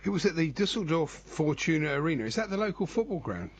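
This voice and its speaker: A man's voice: fairly high pitch, very animated, fast, husky, dry recording. A male radio co-host making dry, wry asides during an interview.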